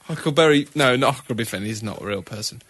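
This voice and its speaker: A man's voice: mid-range voice, fast talker, fairly bright tone, slightly rough. A man co-hosting a comedy podcast, teasing and sarcastic in casual banter. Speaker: podcast co-host.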